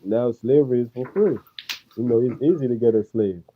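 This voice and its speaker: A man in a casual reflective chat, speaking in a relaxed way and leaning heavily on "you know" fillers. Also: medium pitch, fairly quick, over a noisy crowd. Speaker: panel guest. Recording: muffled lo-fi with faint noise.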